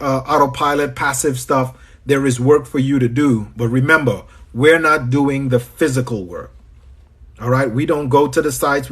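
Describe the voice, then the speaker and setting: Trinidadian man, fairly high voice, husky, chatty livestream coach greeting viewers. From Trinidad and Tobago. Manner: chatty, greets viewers by name and repeats phrases. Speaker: business coach.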